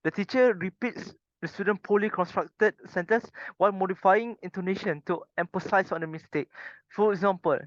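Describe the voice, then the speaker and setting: A man's voice: sits high, a little fast, few pauses, no echo. A young man giving a recorded class presentation, explaining step by step with short, plain examples. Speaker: student presenter. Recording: dull lo-fi, dry recording.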